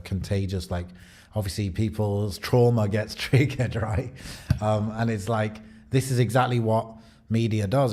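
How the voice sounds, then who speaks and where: A man's voice: on the low side, mellow. A man with a British accent chatting casually on a podcast, rambling and thinking aloud with many fillers. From Britain. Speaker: podcast co-host.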